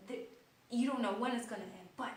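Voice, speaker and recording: A woman vlogging about her illness in her kitchen, telling her story with animated gestures and sometimes dropping to a quiet whisper. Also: on the high side, a little fast. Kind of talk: personal video diary. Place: kitchen of an old house. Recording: roomy, distant mic with faint noise.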